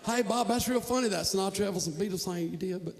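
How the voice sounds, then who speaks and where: A man voicing his male Nashville country-music friend in a slow, soft Southern US drawl. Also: high voice, gravelly, long reverb tail, a little hiss or hum. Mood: teasing.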